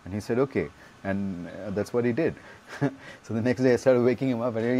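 A man telling a personal story in a casual, animated way. He laughs often and acts out the quotes. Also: medium pitch, a little fast, a little hiss or hum. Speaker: yoga teacher and guest.

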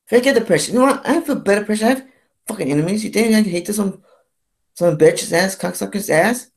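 A man vlogging a rambling, profane rant, halting and repetitive, with frequent restarts and stammers. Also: high voice, animated, gravelly. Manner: profane, repetitive, keeps saying "you know what I'm saying". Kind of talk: rambling ranting monologue.

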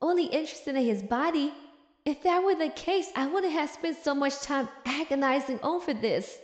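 Casting: a woman doing an exasperated, sassy young empress, high voice, roomy echo. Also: normal speed, close to an everyday voice. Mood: indignant. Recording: roomy echo with long reverb.

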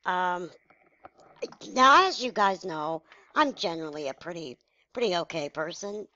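A woman's voice: lowish voice, expressive, unhurried, pushed and bright, no room sound, highs cut off. A woman in her forties telling a personal story to her viewers, frank, emotional and blunt. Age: 40s. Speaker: vlogger. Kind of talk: candid personal story to camera.

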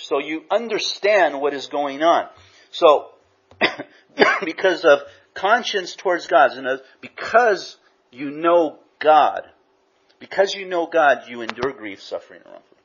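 Husky-voiced pastor telling stories. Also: male voice, on the high side, expressive, a little slow, a bit bright. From Southern California. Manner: conversational, frequent "you know" asides. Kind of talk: sermon with personal storytelling. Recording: dull lo-fi recording.

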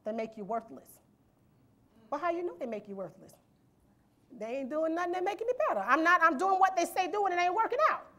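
Fast and animated, this woman preaches in church with an extremely high, sharp-toned voice. She reads scripture aloud, unpacking it verse by verse, and keeps up a call-and-response with rhetorical questions and "amen?"

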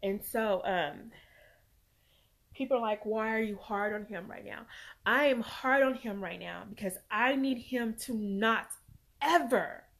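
A woman vlogging as a mother, talking earnestly and emphatically, swearing at times and close to tears. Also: mid-range voice. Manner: earnest, emphatic, swings from loud to quiet. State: near tears. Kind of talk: emotional personal vlog talk.

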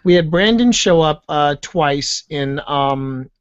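A man's voice: fairly high pitch, expressive, clean tone, no room sound. Guy on a podcast, mid voice, keeps restarting his sentences, dull dry sound. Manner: halting, repeats words while thinking. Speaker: podcast guest, author. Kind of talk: casual chat.

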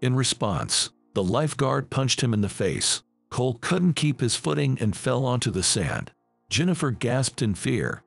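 Male narrator for scripted story, gravelly, husky, lively pitch. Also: measured pace, no echo, faint music behind.

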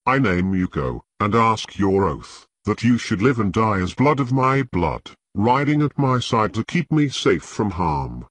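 A man's voice: fairly low pitch, big pitch swings, unhurried, few pauses, a bit bright, husky, no echo, heavily acted. Dany, a man voicing a resolute young queen. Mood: solemn.

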